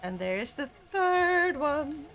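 A woman's voice: high voice, sing-song, slow, fairly bright tone, faint music behind. A woman streaming a video game, chatting casually with her viewers and giggling often. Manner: giggly and chatty, reacting to chat. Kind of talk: casual livestream chat while playing.

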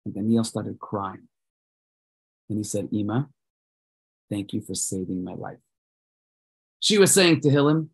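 Male host, dramatic children's storyteller, average pitch. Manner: dramatic, shifting loud and soft. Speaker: host leading children in prayer.

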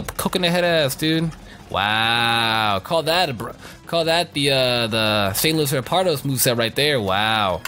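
A young man rambles through casual gameplay commentary, swearing, joking and reacting loudly as things happen. His voice bounces all over its range at a middling pitch. Faint game music runs in the background. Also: animated, unhurried. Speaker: let's play gamer.

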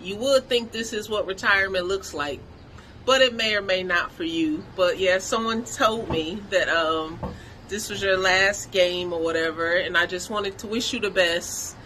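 A woman sending a relaxed, friendly video message. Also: mid-range voice, moderate pace, a little hiss or hum, rough recording.

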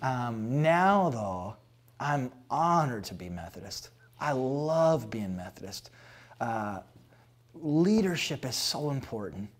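A pastor in his thirties answering interview questions candidly, acting out past conversations with animated storytelling. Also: mid-range voice, slow. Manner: animated storytelling, acts out dialogue.

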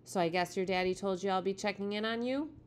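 A woman reading as a gentle, motherly neighbor lady. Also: mid-range voice, fast talker, slight background noise, lightly acted.

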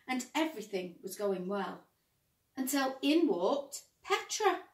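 Woman, primary school teacher, storybook reading, high lively voice, roomy, distant mic. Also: slow. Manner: gentle, expressive storytelling. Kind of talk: reading a picture book aloud to children.

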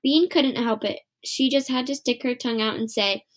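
Higher-voiced woman reading a kids' book. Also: normal speed. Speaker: reader. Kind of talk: reading a children's book aloud.

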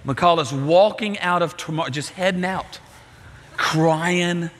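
A middle-aged man preaching a sermon, telling a story with lively acted-out voices. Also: on the high side, slow. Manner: animated storytelling, acting out voices. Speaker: pastor. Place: church sanctuary. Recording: reverberant church hall.

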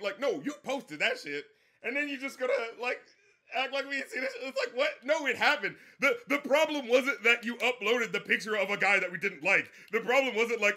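A young man giving a casual, profane livestream rant as a music critic, slangy and animated, mocking people in quoted voices. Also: sits high, fairly quick. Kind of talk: casual ranting commentary from a livestream.

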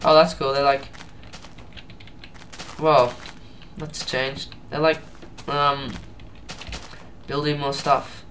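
A man's voice: medium pitch, level tone, a bit bright, a little hiss or hum. A young man giving casual, rambling commentary while playing a video game. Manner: rambling, unhurried, thinking aloud. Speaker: let's play gamer.

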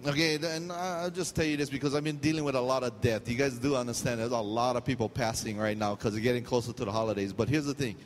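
Speaking fast and steady with few pauses, the Hawaiian-accented pastor, a middle-aged man from Hawaii, delivers a sermon full of stories and jokes, dropping into pidgin now and then. His voice is medium-pitched, with a long reverb tail behind it.

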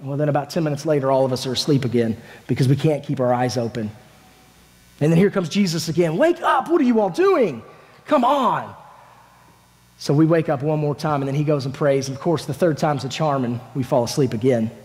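A man, a families minister, preaching a sermon as a lively first-person story told in the voice of a disciple, with casual, dramatic phrasing. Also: medium pitch, fast. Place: church sanctuary. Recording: echoey church hall.

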